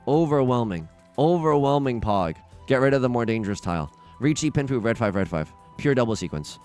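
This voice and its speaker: A young man hosting a let's play, giving excitable, self-mocking commentary on his game that swings from muttering to shouting. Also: medium pitch, brisk, soft background music. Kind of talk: gameplay commentary.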